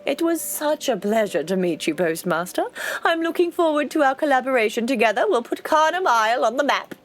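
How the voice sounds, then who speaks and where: A woman's voice: high-pitched, expressive, fairly quick, soft background music. A woman voicing a pompous, self-important woman mayor who gives grand, self-congratulatory speeches. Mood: grandiose.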